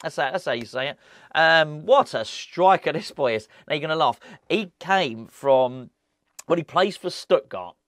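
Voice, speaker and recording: A man's voice: a little high, lively intonation, moderate pace, a bit bright, no room sound, clean studio sound. A man chatting casually to camera as a football fan vlogger, rambling and joking as he goes, from a room at home.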